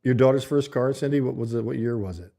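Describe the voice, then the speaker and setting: A man's voice: mid-range voice, quick pace, creaky, warm tone. A man hosting a livestream, chatting loosely with viewers and reading their comments aloud. He speaks close to a desk mic in a home streaming setup. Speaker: livestream host. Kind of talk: casual livestream chat with viewers. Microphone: desk mic held close to the mouth.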